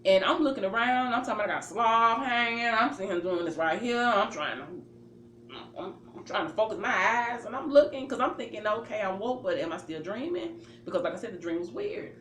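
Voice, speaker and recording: Brisk and a bit bright, this woman's slightly high, expressive voice carries a casual personal story in which she acts out how she reacted and uses plenty of fillers. The room sounds roomy, and faint ambient noise sits underneath.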